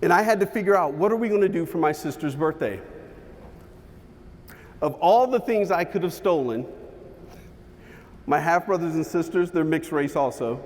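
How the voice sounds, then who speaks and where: A man giving a motivational keynote, telling a personal story with dramatic pauses and shifts in pace. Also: on the high side, lively intonation, a little mellow, big-room sound. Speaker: keynote speaker. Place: large hall with an audience.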